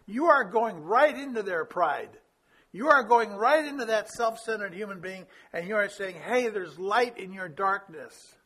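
A man preaching a sermon, teaching how to share faith, swinging between quick bursts and slow, quiet emphasis. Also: slightly rough. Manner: varies pace and loudness, drops low for emphasis. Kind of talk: sermon on evangelism.

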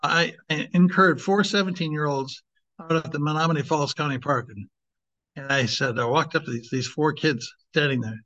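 A man's voice: on the high side, pushed and bright. A man preaching an informal sermon as an evangelist, emphatic and conversational, stretching out key words. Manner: emphatic, conversational, drawn-out slow stresses. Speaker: evangelist, teacher. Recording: dull lo-fi recording.

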